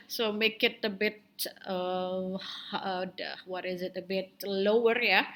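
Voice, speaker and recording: A woman's voice: medium pitch, fairly even intonation, fairly bright tone. A woman with an Indonesian accent teaching English pronunciation, hesitating often and slipping into Indonesian as she drags out the example words. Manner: mixes Indonesian into English, hesitant fillers, drawn-out model words. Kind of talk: online pronunciation lesson.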